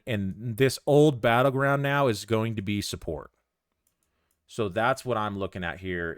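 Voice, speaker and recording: A man giving live commentary on his day trade, thinking aloud in a calm, conversational way. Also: on the low side, clear, resonant tone, no room sound, clean studio sound.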